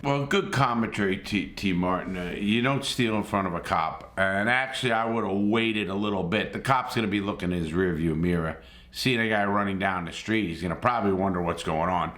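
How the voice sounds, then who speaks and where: A man's voice: low voice, fairly quick, a bit bright. A middle-aged man giving blunt, streetwise casual commentary as a host, swearing freely. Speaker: host reacting to gameplay.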